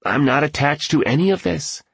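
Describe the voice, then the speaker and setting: A man voicing an exuberant, eccentric male billionaire mentor who gushes loudly. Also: fairly high pitch, normal speed, creaky, slightly rough, dry recording, voice pushed up, exaggerated voice. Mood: earnest. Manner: loud, gushing.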